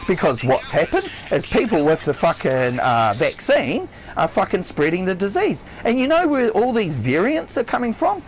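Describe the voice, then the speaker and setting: On a live game stream, a man with a New Zealand accent launches into a heated rant, swearing in almost every line. His pitch swings wildly, shouting one moment and dropping low the next, and he repeats his points over and over. The audio is poor.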